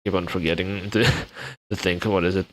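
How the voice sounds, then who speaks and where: A man's voice: sits low, fairly even intonation, moderate pace. Laid-back young man streaming. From Indonesia. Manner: laughs often, restarts, mixes English with Indonesian. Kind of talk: casual live-stream chat.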